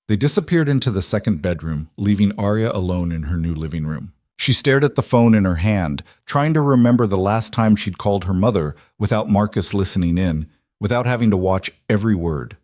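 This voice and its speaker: Low-voiced male story narrator. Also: animated, fairly quick, hardly any pauses, darkish tone, no echo, clean studio sound.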